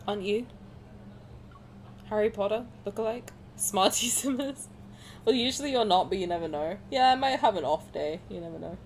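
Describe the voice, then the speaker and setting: A young woman streaming a game, chatting casually with viewers, swearing, getting excited, with a sore throat. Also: mid-range voice, moderate pace, a little hiss or hum.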